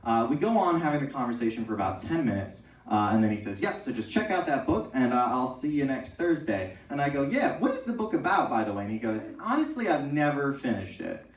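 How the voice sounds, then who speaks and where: A man's voice: mid-range voice, very animated, a little fast, few pauses. A young man performing a stand-up set, telling stories animatedly with exaggerated impressions of his professors. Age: young adult. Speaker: stand-up comedian. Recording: echoey room, from far off.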